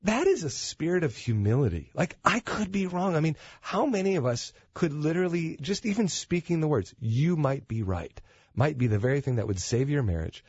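A man talking as a guest on a Christian talk show, earnest and quick to laugh, later leading a prayer. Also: on the high side, breathy edge, dry recording, dull audio. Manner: animated, laughs easily, earnest when praying.

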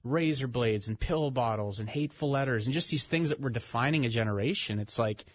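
A man's voice: medium pitch, fairly quick, dry recording. A man speaking as a radio studio guest, telling a story in an earnest, conversational way with fillers. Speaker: author and ministry founder, studio guest. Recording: slightly dull, dry radio studio sound.

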